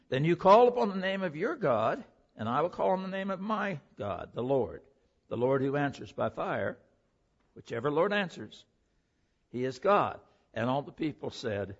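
A male pastor preaching a sermon, reading scripture aloud and explaining it with animated emphasis. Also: on the high side, moderate pace, dull audio.

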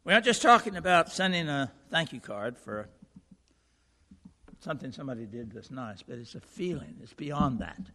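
A male pastor giving a sermon, moving from a lively recited poem into earnest preaching in a church auditorium. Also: medium pitch, normal speed. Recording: long reverb of a large hall.

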